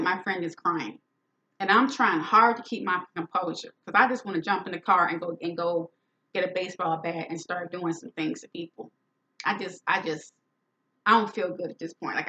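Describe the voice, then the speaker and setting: A woman's voice: on the low side, pushed and bright. A woman hosting a talk show, telling a story in an emphatic, indignant way and acting out the quoted dialogue. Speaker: podcast host. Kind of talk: storytelling monologue. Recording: dull lo-fi sound.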